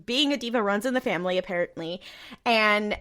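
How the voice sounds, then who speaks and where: A woman's voice: medium pitch, brisk, fairly bright tone. A young woman co-hosting a casual podcast, recapping a TV episode in a rambling way, laughing often and acting out the characters' lines. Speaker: podcast co-host.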